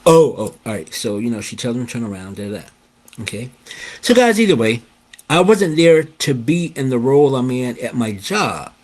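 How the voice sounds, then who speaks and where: An older man telling a story in a casual, animated way, often checking in with "okay?" and addressing his viewers as guys. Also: mid-range voice, normal speed. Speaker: host.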